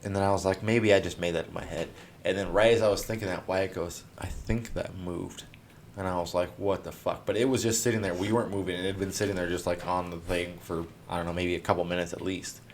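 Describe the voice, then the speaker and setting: A man's voice: low-pitched, fairly even intonation, quick pace, a little hiss or hum. A young man on a podcast, telling a ghost story casually, rambling with lots of fillers and swearing. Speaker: podcast co-host.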